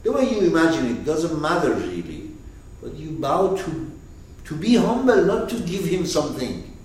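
A man's voice: a little high, sing-song, moderate pace, darkish tone. A man teaching a class on a poetic text, speaking emphatically and asking his students questions. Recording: echoey room, distant mic, faint noise.

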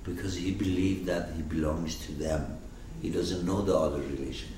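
A man's voice: low-pitched, steady tone, moderate pace, mellow. A man teaching a text in an informal lecture, explaining emphatically and acting out quoted lines, recorded from a distance. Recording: echoey room, mic far off, faint noise.

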